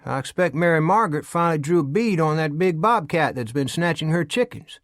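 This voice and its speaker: A man's voice: a little high, lively intonation, brisk, no echo, clean studio sound, voice pushed up. Uncle Seth, a man doing a drawling frontier uncle. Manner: drawling rural speech. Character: folksy older male frontier uncle, unflappable.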